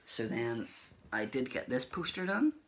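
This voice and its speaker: A man's voice: mid-range voice, big pitch swings, a little slow, a bit bright. A man vlogging casually about meeting celebrities at a comic convention, rambling with fillers and acting out the remembered exchanges. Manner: rambling, acts out remembered dialogue. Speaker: collector vlogger. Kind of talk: casual anecdotal recap.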